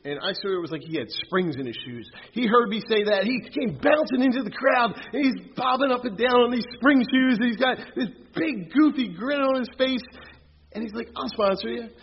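A man giving an earnest personal testimony, speaking haltingly with frequent restarts. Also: medium pitch, long reverb tail, muffled recording, a little hiss or hum. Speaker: speaker sharing a recovery story.

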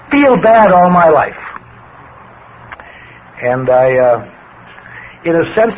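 An older man giving a plainspoken personal testimony to a recovery group, his voice swinging with emotion as he tells his story. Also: on the high side. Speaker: recovery speaker. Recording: dull lo-fi recording with faint hiss.

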